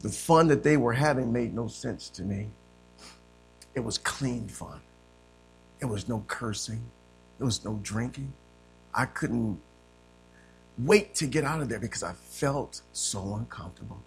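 A man preaching a sermon as pastor, telling his own testimony, swinging from loud, emphatic passages to hushed, quiet ones. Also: mid-range voice, a little slow, gravelly, long pauses, soft background music.

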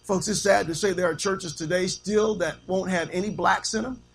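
An Illinois pastor with a high, gravelly, husky voice preaches a sermon at a moderate pace, his intonation fairly even. He quotes scripture, draws amens from the congregation in call and response, and teases them now and then.

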